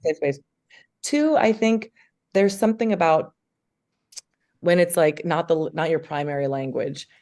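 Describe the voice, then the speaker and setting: A woman, an actress, chatting eagerly as an interview guest, full of filler words and quick asides. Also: deep voice, a little mellow. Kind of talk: casual interview chat.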